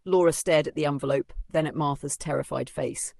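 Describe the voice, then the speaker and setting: Man, story narrator, steady dramatic reading, gravelly, dry. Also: fairly high pitch, brisk, no room sound.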